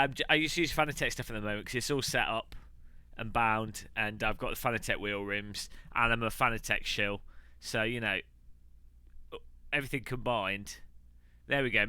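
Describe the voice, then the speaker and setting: Bright, crisp streamer. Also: male voice, mid-range voice, no echo. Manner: chatty, rambling, quick asides. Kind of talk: casual live-stream chat while sim racing.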